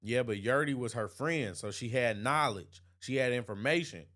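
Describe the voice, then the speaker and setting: A man's voice: medium pitch, normal speed, fairly bright tone. A man hosting an opinion livestream, reading chat comments aloud and answering them emphatically, often repeating himself and laughing. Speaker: host.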